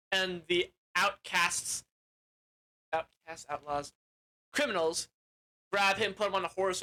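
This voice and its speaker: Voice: mid-range voice, bright, forceful tone, rough recording. A film reviewer giving a casual, rambling plot recap, often correcting themselves and swearing offhandedly.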